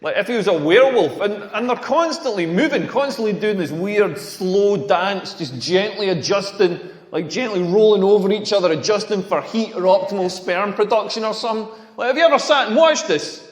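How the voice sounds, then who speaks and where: A man's voice: high-pitched, lively intonation, moderate pace, few pauses. A man doing a crude, self-mocking stand-up routine on a club stage. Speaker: stand-up comedian. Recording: echoey stage with long reverb.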